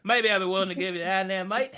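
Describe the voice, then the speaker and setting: A man's voice: sits high, steady tone, very fast, pushed and bright, clear, resonant tone, voice pushed up. A man voicing a brash male demon hunter in an Australian accent, talking in drawled slang for a tabletop game. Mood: gruff.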